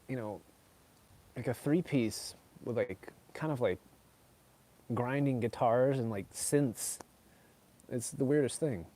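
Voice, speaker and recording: A man's voice: medium pitch, takes it slowly, pauses often, dark tone. A middle-aged man chatting casually with viewers, rambling and filling his talk with "like" and "you know.". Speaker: streamer answering chat. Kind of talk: casual chat.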